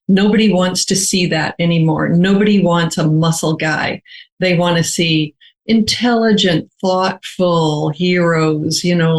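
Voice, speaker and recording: An older woman from the United States talks through interview answers at an unhurried, considered pace, leaning on important words. Her voice sits on the lower side for a woman. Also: low-quality recording. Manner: measured, thoughtful, stretches key words slowly. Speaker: author being interviewed.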